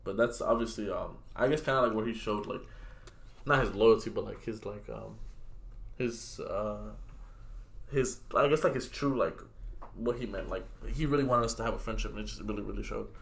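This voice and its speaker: A man's voice: fairly low pitch, moderate pace, gravelly. A young man chatting casually on a podcast, telling stories in a loose, slangy way and laughing as he talks. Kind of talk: casual chat.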